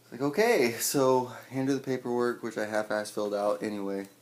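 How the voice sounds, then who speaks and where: A young man in his twenties, swearing a lot and telling a personal story with wry humor, acting out scenes loudly at times. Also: fairly low pitch, fairly even intonation, fairly quick. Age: 20s. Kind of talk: personal storytelling, stand-up style. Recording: echoey room with faint noise.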